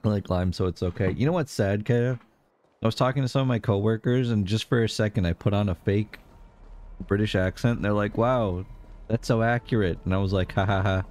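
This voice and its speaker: A man's voice: fairly low pitch, brisk, a little mellow. A young man streaming live, chatting casually and jokily with his viewers in a rambling way. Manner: rambling, jokey, chats to viewers, laughs often.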